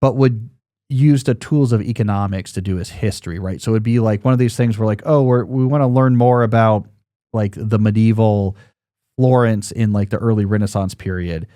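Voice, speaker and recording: A man's voice: lowish voice, fairly even intonation, normal speed, dark tone, dry recording, studio quality. Rambling, jokey male podcast host. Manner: rambling, jokey, lots of fillers and restarts. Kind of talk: casual podcast chat.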